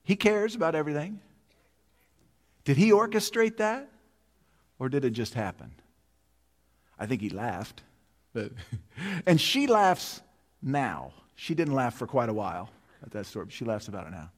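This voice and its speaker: A man's voice: medium pitch, very animated, moderate pace, pauses often. A pastor in his fifties preaches in a sanctuary, his mid-range voice carried on a long, ringing reverb. He tells a vivid personal story, then drives toward his point with emphatic, repeated appeals. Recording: long reverb of a large hall.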